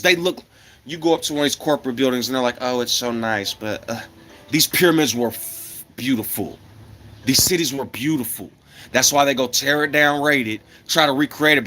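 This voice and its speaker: A man's voice: medium pitch, bright, forceful tone, slight background noise. A man from America delivering an angry, profane monologue to his viewers, firing off rhetorical questions and coughing now and then. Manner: blunt, profane and combative, with repeated rhetorical questions.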